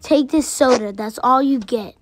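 A woman's voice: high voice, moderate pace, background noise, lightly acted. A female speaker voicing a man who kidnaps a girl while posing as her grandfather, giving curt orders. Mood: bossy.

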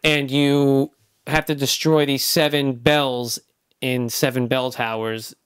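A man's voice: mid-range voice, level tone, slow, a bit bright, clear, resonant tone, dry recording, clean studio sound. A man co-hosting a podcast in casual, teasing banter, often restarting his words. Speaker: podcast co-host.

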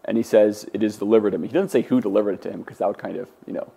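A man's voice: fairly low pitch, racing, creaky, dark tone, breathy edge. A man teaching a Greek class, lecturing in a conversational way with many fillers and restarts. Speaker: Greek instructor.

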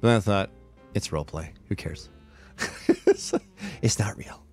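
With faint music behind him, a livestreamer thanks his subscribers individually, worn out yet cheerful, chatty, and quick to laugh. He has a deep voice and speaks a little fast.

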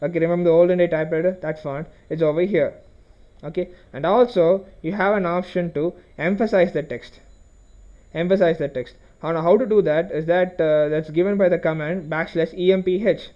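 A man talks through a coding tutorial in a high voice. He explains one step at a time, says okay often and restarts his phrases. The recording sounds dull and lo-fi. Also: moderate pace. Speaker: programming tutorial host. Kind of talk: screen-recorded coding lesson.

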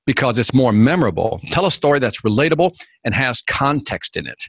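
Guesting on a podcast interview, a man recounts sales stories energetically, acting out scenes and quotes and lowering his voice for the dialogue. His husky voice is medium-pitched and brisk, with no echo.

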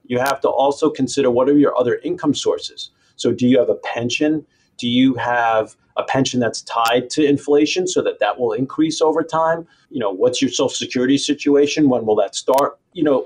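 A man with a strong New York accent, a financial planner answering interview questions in a measured, explanatory way. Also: mid-range voice, darkish tone, slightly rough. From Queens, New York.

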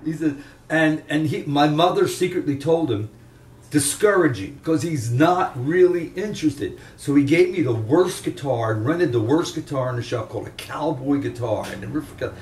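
A man's voice: fairly high pitch, moderate pace, a little mellow. An older man from the Chester, Pennsylvania area, telling rambling anecdotes as a veteran guitarist in a casual interview. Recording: roomy room, distant mic, faint ambience.

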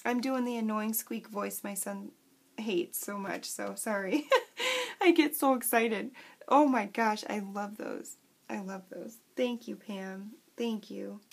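A woman vlogger chatting casually as she unboxes craft supplies, gushing and excitable. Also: mid-range voice, takes it slowly, vocal fry.

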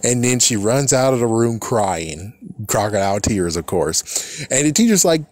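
A man's voice: mid-range voice, sing-song, normal speed, a little mellow, no echo. A man casually recapping a cartoon episode, exasperated and swearing, often laughing at the characters. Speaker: cartoon reaction commentator.

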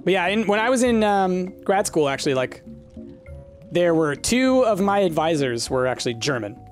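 A let's play host chatting through a game in a loose, rambling way, full of self-deprecating asides. The pitch swings about a lot as they talk. Faint game music sits in the background. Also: very animated, moderate pace. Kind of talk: casual gameplay commentary.

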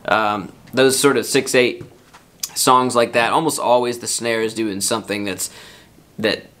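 A man giving a casual worship guitar lesson, counting beats out loud over his strumming. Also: mid-range voice, fairly even intonation, unhurried. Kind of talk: relaxed guitar lesson with sung examples. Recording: loud acoustic guitar under the voice. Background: acoustic guitar playing.

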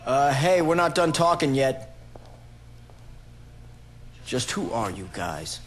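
A man's voice: medium pitch, big pitch swings, takes it slowly, a little hiss or hum. An actor voicing a curious, pushy male photojournalist in a video game cutscene, with a blunt, questioning delivery. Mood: pressing. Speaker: game character.

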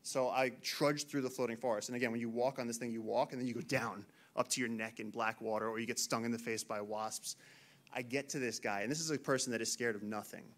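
Animated man telling a jungle story. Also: mid-range voice. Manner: animated, acts out shouted quotes. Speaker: naturalist giving a talk. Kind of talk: storytelling talk to an audience. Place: lecture hall, in front of audience.

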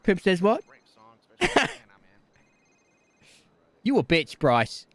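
A man with a high, tight-voiced delivery rambles brashly through improvised role-play, crude and quick to complain. His voice sits close and dry, with no room around it. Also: huge pitch swings, a bit bright, no room sound. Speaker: streamer playing a role-play character.

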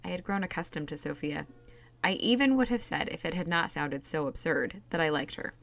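A woman reading a novel aloud in steady, plain storytelling. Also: low-pitched, a little fast, creaky. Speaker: reader.

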